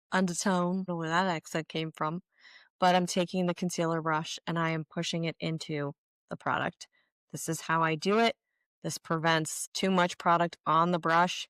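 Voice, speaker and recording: Chatty woman in her forties, low voice. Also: a bit bright, no room sound. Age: 40s. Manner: chatty, candid, self-deprecating asides. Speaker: beauty vlogger. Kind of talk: casual get-ready-with-me chat.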